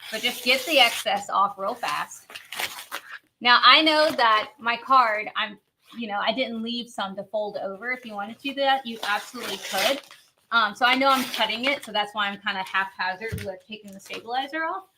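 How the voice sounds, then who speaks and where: A woman's voice: on the high side, moderate pace, noisy background. A woman hosting a live craft demo, chatty and bubbly, laughing often as she reads viewer comments.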